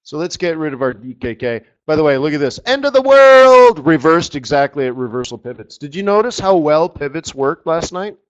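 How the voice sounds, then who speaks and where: A man hosting a live trading webinar, talking over his charts with excited outbursts and trailing murmurs. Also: on the high side, brisk, few pauses, lo-fi sound. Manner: excitable, exclamatory, trails off while fiddling with charts. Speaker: forex market strategist hosting a live webinar.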